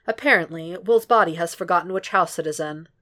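A woman narrating a fan fiction audiobook in a steady, unhurried way. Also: lowish voice. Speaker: podfic reader.

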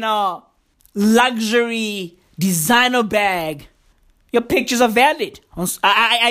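Slow, high-voiced sarcastic woman podcaster. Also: fairly bright tone. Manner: profane, sarcastic and repetitive. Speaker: podcast host. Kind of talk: casual solo podcast rant.

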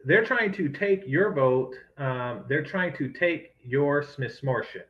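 A man's voice: a little high, animated, takes it slowly, hardly any pauses, dull audio. A man ranting in sarcastic, profane commentary as he reacts to news clips. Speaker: commentary host.

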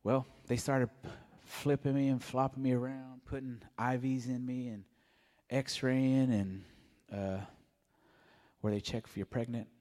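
A man giving a mellow, soft-spoken personal testimony at church. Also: medium pitch, flat delivery, a little slow, big-room sound. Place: church sanctuary.

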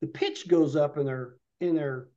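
The man, a guest on a podcast, rambles through a long hunting story with vivid detail, keeping the storytelling casual. His mellow voice sits fairly high and moves at a moderate pace. The recording is dull and lo-fi.

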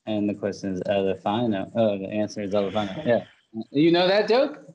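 A man's voice: lowish voice, animated, a little fast, highs cut off, a crowd in the background. A man hosting a podcast in casual chat, rambling, laughing often and full of fillers and restarts. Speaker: podcast host.

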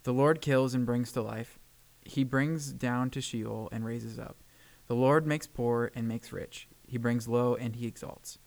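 A man's voice: medium pitch, fairly even intonation, a little slow, gravelly, few pauses, poor audio. A man co-hosting a podcast, reading a Bible passage aloud and then reflecting on it in an earnest way, with a few stumbles and fillers. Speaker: podcast co-host.

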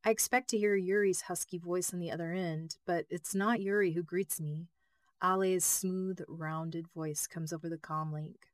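A woman's voice: low-pitched, fairly even intonation, normal speed, dry recording. A woman, the author, reading her novel as first-person audiobook narration, intimate and emotional, on a close mic.

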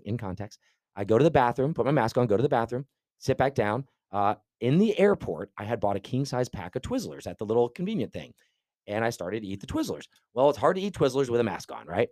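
A man spinning a long, animated anecdote on a podcast, his voice sitting a little low and the words rushing out quickly. He circles back and restarts often, very much casual chat. The sound is close and dry. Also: dry recording. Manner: animated, rambling storyteller with many restarts. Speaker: podcast co-host.

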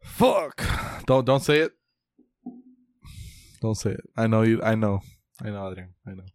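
A man chatting casually about soccer, laughing often and breaking into high exclamations. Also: normal speed, a little mellow, clear, resonant tone, no echo. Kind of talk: casual chat.

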